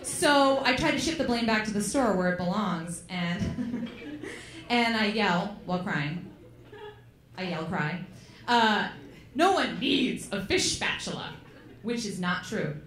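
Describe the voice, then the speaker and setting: A woman's voice: medium pitch, expressive, slow pace, fairly bright tone. A woman performing a chatty stand-up comedy set on a club stage, swearing and throwing in um fillers. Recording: echoey club with crowd laughter. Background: laughing audience.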